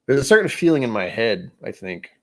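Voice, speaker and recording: A man's voice: medium pitch, big pitch swings, brisk, fairly bright tone. A man hosting a casual livestream who rambles in a self-deprecating way and often restarts his sentences. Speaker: host of a whisky livestream.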